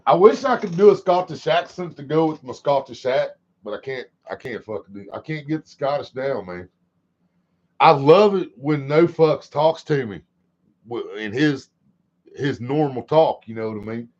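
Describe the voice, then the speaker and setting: A man's voice: mid-range voice, lively intonation, moderate pace, darkish tone. A man hosting a livestream in a casual, rambling chat. He swears a lot and laughs often. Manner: sing-song repetition. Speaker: livestream host. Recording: dull lo-fi stream audio.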